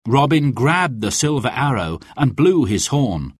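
A man reading a storybook aloud as narrator, with expressive, clear and careful delivery. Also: mid-range voice, a little slow, hardly any pauses, no room sound, studio quality.

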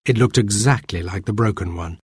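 A man narrating a children's storybook in a plain, measured way. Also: on the low side, husky. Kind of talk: storybook reading.

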